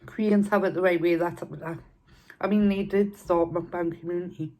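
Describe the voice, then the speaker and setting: Casting: middle-aged woman, slightly low voice, relaxed chat between mouthfuls. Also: moderate pace. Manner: chatty, eating between sentences. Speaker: mukbang vlogger. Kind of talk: casual chat while eating.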